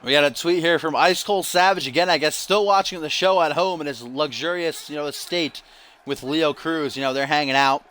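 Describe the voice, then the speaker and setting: A man's voice: a little high, a little fast, a bit bright. A young man streaming, doing play-by-play commentary on a video game match and joking back and forth with his chat. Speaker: livestream commentator.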